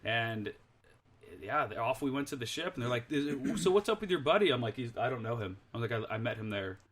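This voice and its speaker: A man's voice: medium pitch, big pitch swings, fairly quick, fairly bright tone. A young man, a podcast guest, in a casual chat telling a rambling story that he keeps correcting and laughing through.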